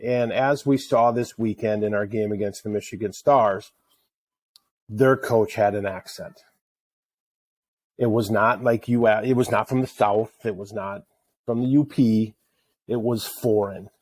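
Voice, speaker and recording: A middle-aged man from Wisconsin co-hosting a sports parenting podcast, telling stories in a joking, animated way. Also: lowish voice, unhurried, long pauses, no echo. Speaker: podcast co-host. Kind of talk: casual chat.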